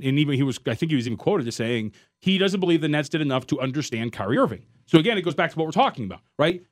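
Fast, animated sports radio co-host man. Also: a little high. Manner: animated, rapid arguing, thinks aloud. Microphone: studio microphone.

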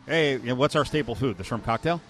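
A man hosting a sports talk radio show, chatty and joking with quick asides. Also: mid-range voice, animated, a bit bright.

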